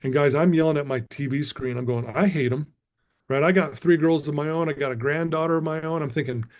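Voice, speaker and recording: A man's voice: on the high side, fast. A middle-aged man, a guest speaker, telling a motivational story emphatically and calling his listeners "guys".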